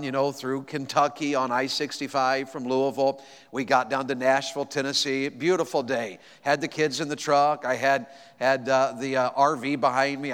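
A male evangelist telling a folksy, animated story in a sermon, rising to excited exclamations. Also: medium pitch, clean tone. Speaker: evangelist preacher. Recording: long hall reverb.

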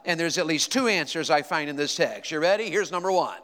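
A man's voice: on the high side, big pitch swings, fairly quick, few pauses, pushed and bright, big-room sound. A man preaching a sermon, telling stories and calling out to the congregation. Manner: storytelling, addresses congregation directly. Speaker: pastor.

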